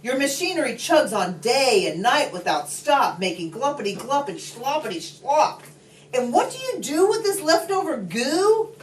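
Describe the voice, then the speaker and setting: A woman voicing a grumpy little male forest creature who scolds in slow rhyme, recorded from a distance in a roomy space. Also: fairly high pitch, big pitch swings, slight background noise. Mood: scolding. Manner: scolding, slow, rhyming speech.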